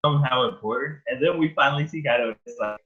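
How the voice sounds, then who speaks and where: Excitable young man on a dull, lo-fi mic. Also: medium pitch, quick pace. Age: young adult. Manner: excitable, trailing off into "like". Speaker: podcast co-host. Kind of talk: casual podcast chat.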